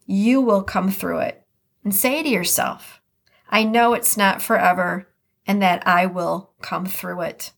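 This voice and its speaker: A woman with a Midwestern American accent hosting a podcast, chatting casually and reading quotes aloud before commenting on them. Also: medium pitch. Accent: Upper Midwest American. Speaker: podcast host.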